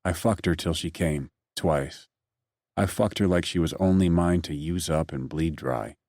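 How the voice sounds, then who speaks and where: A man giving brooding first-person audiobook narration in a low, quiet delivery. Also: a little slow, dry recording, studio quality.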